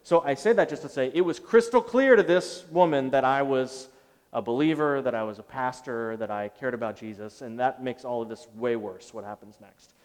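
A middle-aged male pastor preaching a sermon, telling a story on himself in an animated, self-deprecating way. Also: medium pitch, normal speed. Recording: long reverb of a large hall.

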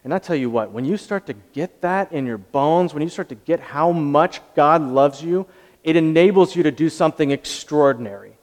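Man, pastor, earnest sermon, higher-pitched voice, reverberant church hall. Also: normal speed. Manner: earnest, swings from hushed to emphatic.

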